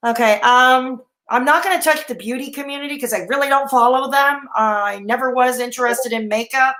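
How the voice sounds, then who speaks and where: A woman's voice: high-pitched, a little fast, a bit bright, echoey room. A woman hosting a casual live stream, chatting and answering viewer comments with many fillers and restarts, while she has the hiccups. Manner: rambling, frequent fillers and restarts.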